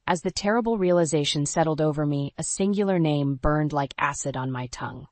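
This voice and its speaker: A woman narrating a scripted first-person story in a dramatic, even storytelling voice. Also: sits low, a little fast, hardly any pauses, dry recording.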